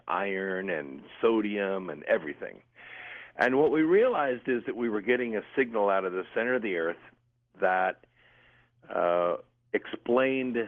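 A man calling in as a radio guest, explaining things with enthusiasm and the odd filler word. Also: lowish voice. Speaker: guest on a phone line. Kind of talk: radio interview by phone. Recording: tinny phone line.

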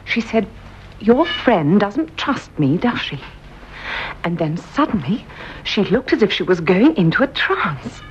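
An actress playing an eager, credulous woman in an old radio drama, stammering when excited. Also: medium pitch, unhurried, dull audio, slight background noise. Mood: eager, awed.

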